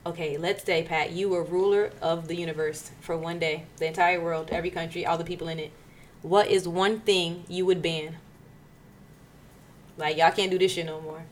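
A woman's voice: fairly low pitch, fairly even intonation, normal speed, a little hiss or hum. Teasing, emphatic woman podcast host. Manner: teasing, emphatic, laughs often. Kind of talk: casual podcast banter.

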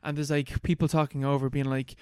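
A man hosting a film podcast, recapping a movie in a loose, animated, profane chat on a close microphone. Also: medium pitch, fairly quick, clean tone, no echo. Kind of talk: casual chat.

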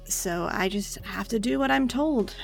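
A woman's voice: fairly high pitch, a little slow, vocal fry, soft background music. A woman voicing a tired, dutiful male orc fort captain, polite and weary.

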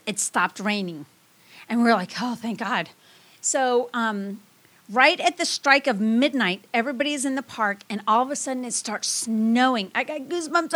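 A woman's voice: on the high side, fairly bright tone. A middle-aged woman telling stories in a casual chat, emotional and swearing freely.

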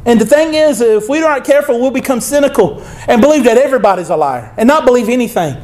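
A man with a high voice preaching a sermon. He speaks emphatically and conversationally, breaking off into asides and calling out to the people in front of him. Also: lively intonation, fast talker, darkish tone. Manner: emphatic, conversational, with frequent asides and call-outs to the congregation. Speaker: pastor.

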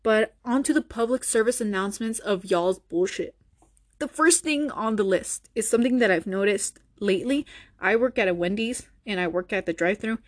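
A woman's voice: mid-range voice, no room sound, clean studio sound. A young woman hosting her own podcast, ranting bluntly and sarcastically with lots of swearing. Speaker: podcast host. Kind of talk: solo podcast rant.

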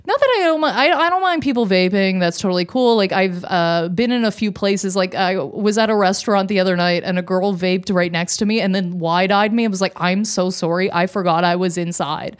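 A woman co-hosting a casual podcast, she tells stories with animated energy and laughs freely between lines. Her pitch sits in an ordinary middle range for a woman. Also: brisk, hardly any pauses. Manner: animated storytelling, frequent laughter. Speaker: podcast co-host.

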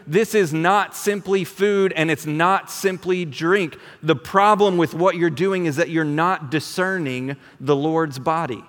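Pastor, male, fairly high voice, casual preaching, long church reverb. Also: unhurried, few pauses. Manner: conversational, animated, repeats words when restarting. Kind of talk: sermon.

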